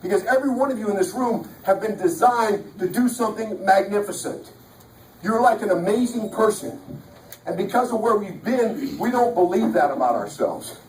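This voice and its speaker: A man's voice: high-pitched, animated, moderate pace, slight background noise. A man giving an emphatic motivational speech to an audience, telling his life story and repeating key lines. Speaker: motivational speaker. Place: large event hall. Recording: echoey hall, mic from a distance.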